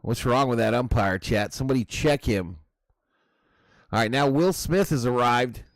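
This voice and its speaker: A man's voice: medium pitch, animated, normal speed, no room sound, studio quality. A man hosting a live baseball watch-party stream, chatting casually with his viewers. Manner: chatty, addresses chat as "y'all".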